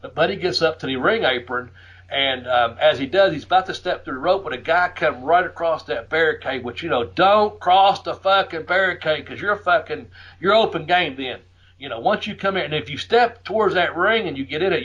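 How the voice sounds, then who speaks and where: A middle-aged American man spins profane ring stories as a podcast host, laughing as he goes and shouting the lines he quotes. His voice sits a touch high for a man. The audio sounds dull and lo-fi. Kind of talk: casual storytelling. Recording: muffled lo-fi audio.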